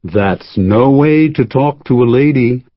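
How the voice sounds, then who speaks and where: A man's voice: mid-range voice, big pitch swings, no echo, highs cut off. A man doing an unctuous, smug schemer. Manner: slow, unctuous, cheerfully cool.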